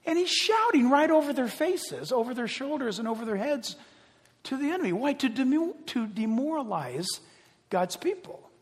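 Pastor, male, high-pitched, animated conversational sermon delivery, echoing hall. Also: normal speed. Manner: animated, conversational preaching with restarts and acted-out quotes.

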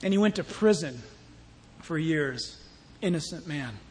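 A man pastor preaching a sermon in an animated, playful way, acting out Bible scenes as he goes. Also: fairly high pitch, measured pace, big-room sound.

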